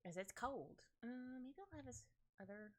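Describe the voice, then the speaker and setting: A woman's voice: fairly high pitch, animated, normal speed. A woman livestreaming at home, chatting casually while she draws, rambling and giggling through her stories. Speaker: livestreaming artist. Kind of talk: casual chat while drawing. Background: soft background music.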